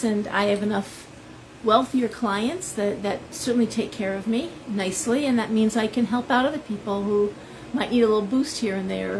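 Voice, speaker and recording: A woman's voice: mid-range voice, slight background noise, poor audio. Chatty woman hosting a live stream. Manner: chatty, rambling, reads out viewer names. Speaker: shop owner and tarot reader hosting a live stream. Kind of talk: casual live-stream chat with viewers.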